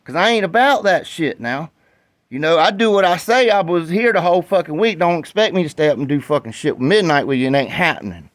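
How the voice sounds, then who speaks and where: A man's voice: on the high side, animated, a little fast, no room sound. A man with a Southern US accent telling a profane, rambling story as a dog breeder, talking bluntly in casual storytelling.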